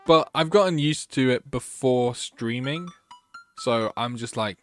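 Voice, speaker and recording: A man's voice: medium pitch, animated, unhurried, faint music behind. A man streaming a game, reading its text aloud and chatting with his viewers. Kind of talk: gaming livestream chat.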